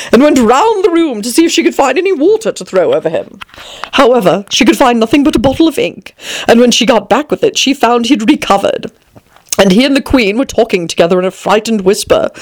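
A woman reading a children's story aloud, measured and gently theatrical. Her voice sits high and moves through a lively, melodic range. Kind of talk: expressive read-aloud storytelling.

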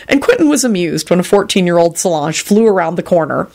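A woman reads a story aloud in a lowish voice. Her delivery is expressive, with wide lift and fall, and she keeps the narration moving. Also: a little fast, few pauses. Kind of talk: audiobook reading of fan fiction.

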